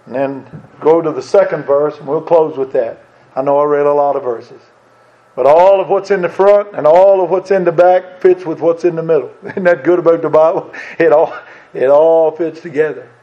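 A man's voice: fairly high pitch, fairly even intonation, moderate pace. A man preaching a sermon as pastor, asking his congregation rhetorical questions. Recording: dull lo-fi sound.

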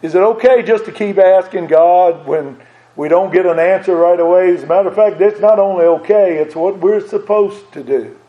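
A man's voice: sits high, moderate pace. A man preaching a sermon in an earnest way, repeating phrases and asking his listeners direct questions. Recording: dull lo-fi recording.

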